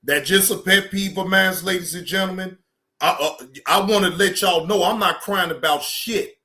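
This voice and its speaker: Male streamer, high-pitched and tense, swearing and venting, then reining it in. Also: normal speed. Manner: heated, repetitive, keeps telling himself to calm down. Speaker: livestream reaction host. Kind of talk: profane livestream rant.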